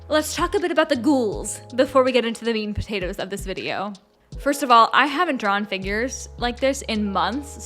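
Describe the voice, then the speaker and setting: A woman's voice: on the high side, a bit bright. Bubbly young woman chatting over music. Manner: bubbly, chatty, frequent likes and laughs. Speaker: art channel host. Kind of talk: casual chat with sponsor read.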